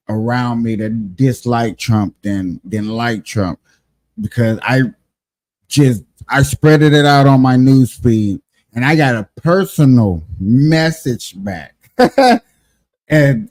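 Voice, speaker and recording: A man chatting casually as a co-host, speaking in loose, relaxed phrases. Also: medium pitch, no echo. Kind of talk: casual chat.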